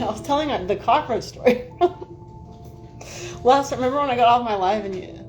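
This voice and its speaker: A woman's voice: fairly high pitch, normal speed, pauses often, darkish tone, soft background music. A woman hosting a casual livestream, telling rambling stories, swearing freely and talking to her viewers by name. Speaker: livestream host. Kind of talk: casual livestream chat and storytelling.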